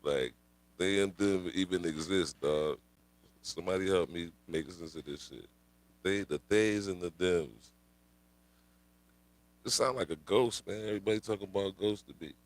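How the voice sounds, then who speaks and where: A man with a lowish voice rants on a livestream, rambling through slang and swearing and laughing as he goes. The sound is dry and close, with no room around it. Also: normal speed, pauses often, no room sound. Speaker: livestream host. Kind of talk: casual live-stream rant.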